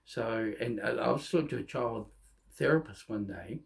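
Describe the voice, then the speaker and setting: A middle-aged man telling his own life story in a candid, halting way, often restarting his sentences. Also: mid-range voice, gravelly. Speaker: vlogger. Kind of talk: personal storytelling monologue.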